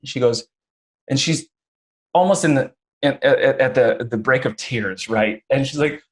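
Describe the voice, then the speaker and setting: A man's voice: mid-range voice, normal speed. A man hosting a conversational interview, telling stories with frequent restarts and acting out quotes. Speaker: podcast host.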